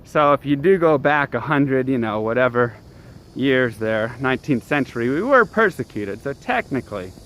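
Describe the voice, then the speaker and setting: A man's voice: medium pitch, lively intonation, normal speed, fairly bright tone. A man streaming live while walking outdoors, chatting casually and answering his chat. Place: city street outdoors. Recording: street noise behind.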